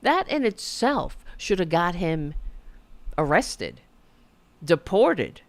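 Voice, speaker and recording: A woman's voice: lowish voice, sing-song, slow pace, dry recording. A woman hosting a podcast, delivering an indignant, sarcastic political rant and swearing freely. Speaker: podcast host.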